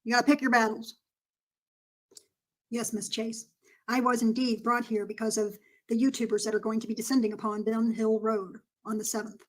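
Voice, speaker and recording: A woman's voice: fairly high pitch, level tone, moderate pace, lightly acted, poor audio. A woman voicing a courteous male small-town police officer in a put-on Southern accent, full of "yes, ma'am" and formal politeness. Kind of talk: comedic role-play.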